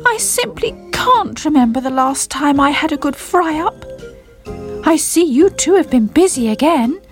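A sulky, bored frying pan from a children's storybook, as a woman puts him on. His voice is high and swings widely as he complains. Music plays softly behind him. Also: expressive, a little slow. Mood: grumbling.

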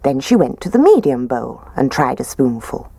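Woman storyteller, low voice with lively, swooping pitch, dry close sound. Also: moderate pace, creaky, husky, no echo. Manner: expressive, gently animated reading. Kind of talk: reading a children's story aloud.

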